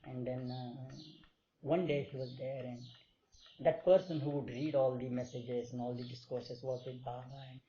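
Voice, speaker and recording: A man telling stories to a small group in a gentle, unhurried way, acting out the voices in them. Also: mid-range voice, steady tone, slight background noise. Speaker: speaker sharing stories of his spiritual master. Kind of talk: informal storytelling talk to a small group. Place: meeting hall. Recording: dull lo-fi recording.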